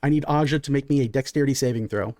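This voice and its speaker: A man narrating a tabletop game as game master in a relaxed, filler-heavy way. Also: medium pitch, rapid-fire, dry recording, clean studio sound, soft background music.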